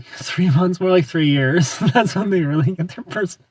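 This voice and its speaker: Giggly husky young man streaming live. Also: sits high, normal speed, darkish tone, no room sound, far from the mic. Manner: chatty and giggly, greets viewers by name. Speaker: livestream host. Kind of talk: casual livestream chat reading comments.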